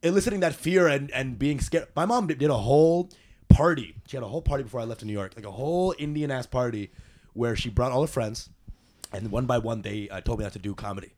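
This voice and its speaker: A young man, a comedian, talking casually and profanely on a podcast, animated and quick to joke. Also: medium pitch.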